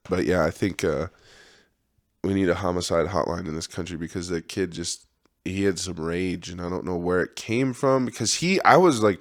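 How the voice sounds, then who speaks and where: A man's voice: low voice, no echo, studio quality. A man hosting a podcast, talking in a rambling, profane monologue and laughing often. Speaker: podcast host.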